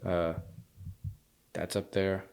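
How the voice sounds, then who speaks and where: A man co-hosting a podcast, reviewing films in casual chat and retelling scenes with lively quoted lines. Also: low voice, very slow, vocal fry, smooth. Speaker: podcast co-host.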